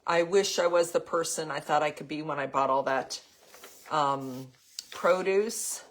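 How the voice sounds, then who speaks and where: A woman's voice: sits low, fairly even intonation, a little slow. An older woman hosting a casual live craft demo, chatting with viewers, rambling with frequent ums and the odd cough. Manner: chatty, answers viewer comments as she goes. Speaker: craft host.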